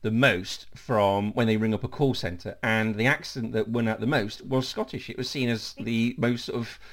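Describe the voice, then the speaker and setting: A man's voice: fairly low pitch, fairly even intonation, normal speed. A man hosting a casual football podcast, chatty, with frequent ums and laughs. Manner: chatty, laughs often, fills with um. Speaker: podcast host.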